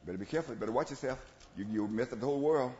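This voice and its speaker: A man preaching an animated sermon, swinging between hushed asides and loud calls to the congregation. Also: rapid-fire. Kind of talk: call-and-response sermon. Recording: roomy, dull low-fi church recording with faint ambience.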